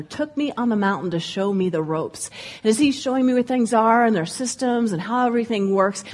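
A woman, a former ski instructor, giving a humorous storytelling speech to an audience in a room and acting out the characters' voices. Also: mid-range voice. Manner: lively, comic, acts out voices.

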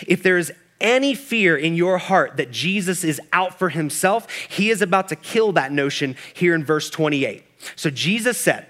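A man's voice: on the high side, animated, normal speed, a bit bright. A middle-aged man from Kansas City preaching a sermon with passion, often slipping into the voices of Jesus and of inner doubts. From Kansas City, United States. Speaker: pastor.

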